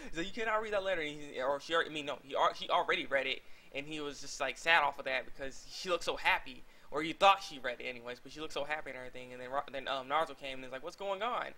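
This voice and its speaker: A young man reviewing an anime episode in a rambling, excitable way, full of fillers and restarts. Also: medium pitch, very fast, hardly any pauses, a little hiss or hum. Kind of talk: casual video review.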